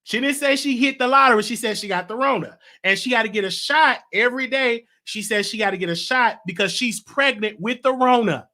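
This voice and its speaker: A man hosting a casual monologue, animated, stammering and repeating himself. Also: very high-pitched, brisk, hardly any pauses. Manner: animated, repetitive, stammering restarts. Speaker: show host.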